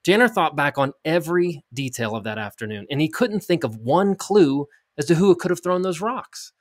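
Middle-aged guy on a podcast, jokey and animated, stops and restarts a lot, reads a book aloud. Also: fairly high pitch, normal speed, dry recording. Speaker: podcast co-host and reader. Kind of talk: casual chat and reading aloud.

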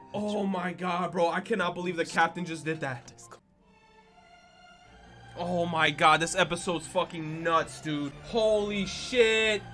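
Excitable young man reacting loudly. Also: high-pitched. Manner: excitable, swearing, emotional outbursts. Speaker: reaction streamer. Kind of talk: anime reaction commentary.

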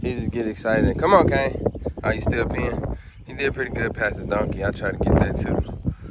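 A man vlogging outdoors on his rural property, talking in a laid-back, slangy way and calling loudly to his dog. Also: fairly low pitch, moderate pace, heavy background noise. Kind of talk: casual outdoor vlog.

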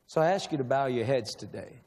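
A man with a medium-pitched, darkish voice preaches a sermon in a large church, speaking briskly and expressively. He sounds emotional and pleading, asking the same questions over and over. The long echo of a big hall fills the recording.

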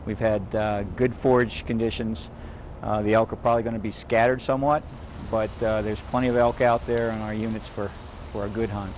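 A man speaking as a wildlife official in an interview, measured and pausing with frequent "uh"s. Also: on the low side, level tone, darkish tone, a little hiss or hum. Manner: measured, many "uh" pauses. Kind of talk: casual interview.

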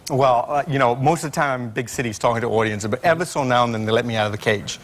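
A man's voice: mid-range voice, fast. A male scientist guest on a late-night talk show, telling stories with lots of fillers and restarts. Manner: animated storyteller, fillers and restarts.

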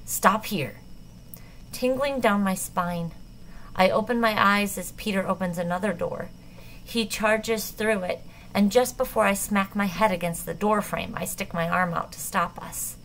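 A woman narrating a novel in the first person, measured and tense. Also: medium pitch, fairly bright tone, slight background noise, rough recording. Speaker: audiobook narrator.

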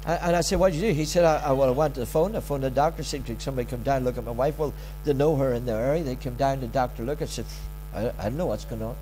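A man's voice: mid-range voice, very fast, mellow, a little hiss or hum. A middle-aged man preaching a sermon as pastor, talking conversationally, often repeating words and acting out prayers and quotes.

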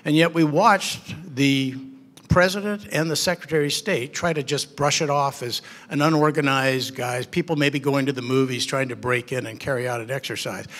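A man's voice: a little high, a bit bright. A man from the audience, an Army veteran, asking a long, earnest question. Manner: earnest, rambling.

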